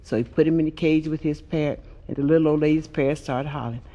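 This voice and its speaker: A woman's voice: low voice, fairly even intonation, quick pace, dark tone, lo-fi sound. A woman comedian doing raunchy stand-up, telling dirty jokes and reciting bawdy rhymes with a brash delivery on a comedy album. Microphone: comedy album recording.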